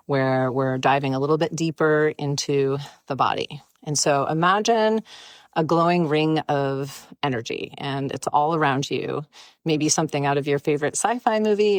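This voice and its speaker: A woman with a low, grounded voice leads a guided breathwork session in an easy, playful way. She talks listeners through each inhale and exhale without hurrying. The sound is dry, with no room around it. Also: no room sound. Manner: gentle, playful, unhurried guidance. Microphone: close mic, live stream.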